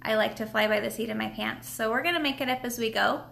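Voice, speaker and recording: Slightly high and a bit bright, with vocal fry and a quick pace, this woman hosts a casual at-home live stream tutorial from a table. She sells nail products and talks in a rambling, chatty way, full of restarts and fillers, and sounds somewhat winded.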